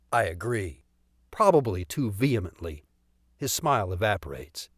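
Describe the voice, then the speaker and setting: Animated male audiobook narrator. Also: on the low side, moderate pace, no room sound, studio quality. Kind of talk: first-person comic audiobook narration.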